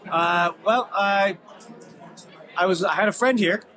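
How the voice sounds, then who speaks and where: A man vendor chatting casually at an expo booth, relaxed with many fillers. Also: high-pitched, unhurried. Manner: relaxed, listing things with fillers. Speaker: mushroom farmer vendor. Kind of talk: casual interview. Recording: loud crowd behind.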